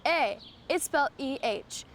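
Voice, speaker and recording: A woman's voice: high-pitched, animated, measured pace, very noisy. A woman delivering comic scripted narration in a playful, tongue-in-cheek way.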